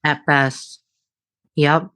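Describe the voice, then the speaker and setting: A woman in her late thirties in relaxed podcast conversation. She speaks candidly, cursing freely and laughing through her thoughts, with an animated, open manner. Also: sits low, extremely slow. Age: 30s. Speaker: podcast co-host. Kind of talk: casual conversation.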